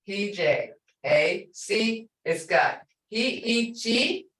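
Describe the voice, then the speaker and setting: In an online language lesson, a female instructor explains things slowly and patiently, repeating each example word many times. Her medium-pitched voice is clear, a bit bright, with lively intonation. Because she sits away from her mic, she sounds roomy and slightly distant.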